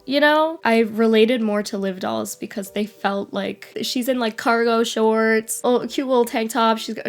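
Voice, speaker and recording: A young woman vlogging casually at home while sick, giggling, rambling and swearing freely about childhood toys. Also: fairly high pitch. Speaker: toy nostalgia vlogger. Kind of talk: casual vlog chat.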